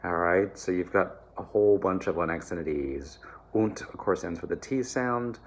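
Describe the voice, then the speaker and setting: A man teaching German pronunciation to singers, relaxed and encouraging, often checking in with "all right?" and slowly modeling words. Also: low voice. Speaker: choir diction coach. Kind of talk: German diction lesson for singers.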